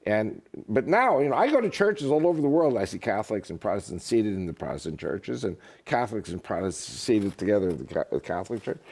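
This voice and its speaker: A man's voice: lowish voice, a little fast, vocal fry, few pauses, husky. A man talking as a guest in a casual interview, telling jokes and stories. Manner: animated, joking storyteller. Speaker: guest speaker.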